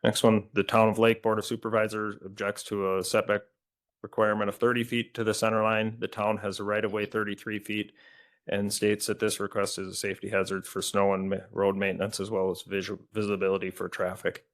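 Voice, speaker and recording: Deep gravelly man reading letters. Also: a little fast. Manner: flat, even reading with occasional stumbles. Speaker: committee staff reading correspondence. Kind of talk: reading letters aloud at a meeting.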